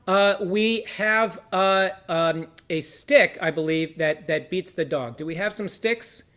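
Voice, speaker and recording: Over a video call, a man leads an online seder, cueing participants in an upbeat, encouraging, casual way full of fillers. His voice is high, slow and fairly bright.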